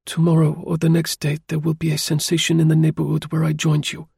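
A man's voice: on the high side, monotone, quick pace, creaky, warm tone, husky, no echo, clean studio sound, voice pushed up, full character voice. A man voicing a frightened, secretive young French lady in an audiobook, speaking in urgent, pleading tones. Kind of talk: audiobook character voice.

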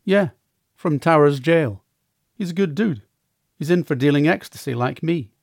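A man's voice: on the high side, normal speed, vocal fry, dry recording, studio quality. A man doing a streetwise New York Italian mobster. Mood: easygoing. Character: tough adult male mobster's son, friendly.

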